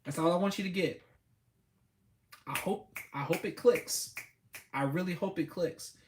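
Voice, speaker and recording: A man's voice: high-pitched, measured pace, darkish tone, a little hiss or hum. A man giving a blunt, preachy motivational talk with speech, repeating himself for emphasis. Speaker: host.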